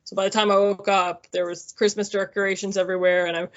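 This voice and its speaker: A woman's voice: mid-range voice, level tone, fast talker, dull audio. A woman in her thirties telling her own story in a casual, chatty way, with many fillers and easy laughs. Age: 30s. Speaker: interviewee.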